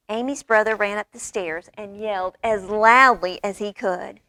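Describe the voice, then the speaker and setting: A woman reading a children's picture book aloud at a library storytime, lively and expressive with character voices. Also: medium pitch, moderate pace, few pauses. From United States.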